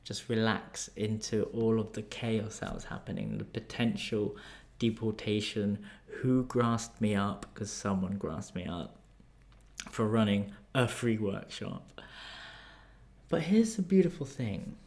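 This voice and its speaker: Calm, animated English man telling a story. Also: fairly low pitch, measured pace, creaky. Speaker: life coach. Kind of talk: storytelling vlog.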